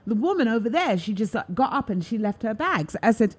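A woman hosting a talk show, chatting casually and telling an animated story, acting out what people said. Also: fairly high pitch, fairly quick, few pauses, slightly rough. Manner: animated, acts out quotes in lively voices. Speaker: host.

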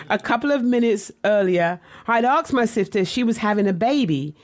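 A woman speaks in a candid, reflective way, recounting her childhood and family as a memoir. Her delivery is conversational and unhurried, moving between plain narration and asides to the listener. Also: a little high, expressive. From West Indian family. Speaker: author telling her life story. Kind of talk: personal memoir storytelling.

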